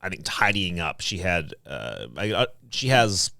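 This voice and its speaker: Low-voiced man co-hosting a podcast. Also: sing-song, gravelly, pushed and bright, no echo. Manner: loose, halting, many fillers. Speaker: podcast co-host. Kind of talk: casual podcast chat.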